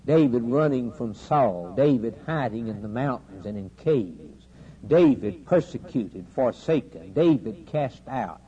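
A man preaching a sermon, with a steady preaching cadence that builds to loud, emphatic climaxes with dramatic pauses. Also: mid-range voice. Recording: dull lo-fi sermon recording with faint hiss.

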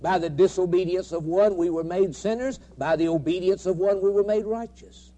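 A man's voice: high voice, moderate pace, warm tone, highs cut off. A man preaching a sermon with emphatic, rhythmic repetition.

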